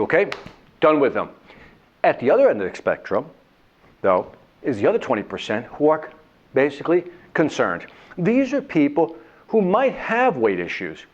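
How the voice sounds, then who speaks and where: Animated male sales trainer, lo-fi. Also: fairly high pitch. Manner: animated, acts out whining voices and characters. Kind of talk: motivational sales talk with a told story. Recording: dull lo-fi sound.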